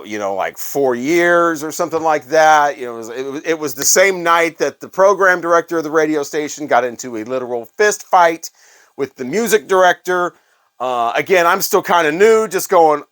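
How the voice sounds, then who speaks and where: In a casual storytelling vlog, a middle-aged man from Illinois wanders conversationally from point to point, using frequent fillers. His voice is a little high and a bit bright, and he used to work in radio and collects records.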